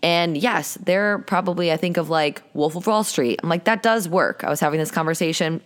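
A woman's voice: fairly low pitch, fairly quick. A young adult woman hosting a solo podcast, chatting casually and coaching with an upbeat, playful tone. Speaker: podcast host and sales coach.

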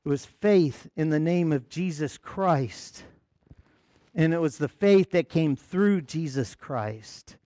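American preacher guy, high voice, dry close sound, storytelling sermon with chuckles. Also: expressive, slow, warm tone, dry recording. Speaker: pastor.

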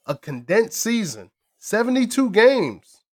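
Loud profane man talking trash. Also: sits high, measured pace. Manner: loud, profane, animated trash talk with laughter. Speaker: podcast host. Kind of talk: casual chat between friends.

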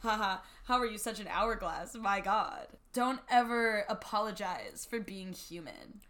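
A woman's voice: mid-range voice, lively intonation, a little slow, a bit bright, a little hiss or hum. A young woman hosting a podcast in casual chat, blunt and profane, laughing often and reading messages aloud in mocking tones. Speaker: podcast host.

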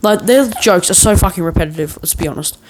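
A man's voice: sits high, quick pace, a little hiss or hum, rough recording. A man hosting a podcast, telling a long story in a meandering, joking way full of swearing and restarts. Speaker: podcast host. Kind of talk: rambling casual storytelling.

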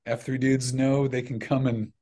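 A middle-aged man chats easily as a podcast guest, his voice sitting in an ordinary middle range. He tells his stories in an animated, self-deprecating way, often restarting his sentences. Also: medium pitch, normal speed. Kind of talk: casual chat.

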